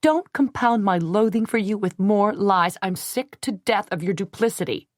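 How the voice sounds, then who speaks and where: Brief: hurt, accusing young woman, read by a female narrator, sharp and emotional, dry close sound. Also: mid-range voice, animated, moderate pace, no room sound, voice pushed up, lightly acted. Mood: accusing, furious. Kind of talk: audiobook character reading.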